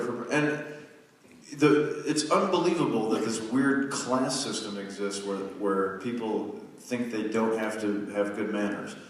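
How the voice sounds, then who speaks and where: A man in his forties giving a humorous, self-deprecating talk to a live audience, telling stories conversationally with quick restarts. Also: on the low side, slight background noise. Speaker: guest speaker. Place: large lecture hall. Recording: distant mic in an echoey hall.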